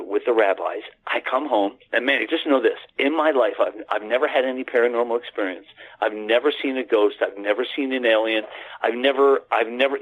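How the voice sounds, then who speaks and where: An American man calls in to a radio show and rambles through a long story with many restarts. His husky, mid-pitched voice comes through a narrow, tinny phone line. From United States. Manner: rambling, earnest, repeats words and restarts, addresses the host by name. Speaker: guest.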